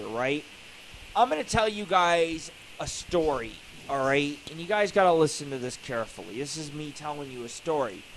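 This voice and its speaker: A man hosts a live internet radio show in a rambling, foul-mouthed comic rant. His voice sits a little high for a man. A faint hiss runs under the recording. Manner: profane, rambling, joking.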